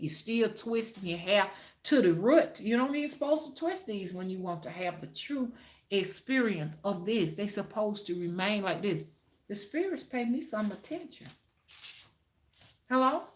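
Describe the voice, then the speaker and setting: A woman talks to her livestream viewers in a loose, chatty way, preaching her views and calling out their names as they arrive. Her voice is bright and carries some edge. The room behind her rings with echo. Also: mid-range voice. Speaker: spiritual rootworker hosting a livestream. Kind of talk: casual livestream talk.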